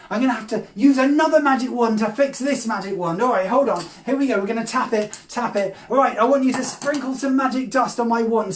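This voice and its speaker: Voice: mid-range voice, recorded from a distance. A children's magician, talking straight to the boys and girls at home with big gasps and cries of surprise. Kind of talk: lively kids' magic show patter. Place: room at home during lockdown. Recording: echoey room, off-mic, faint noise.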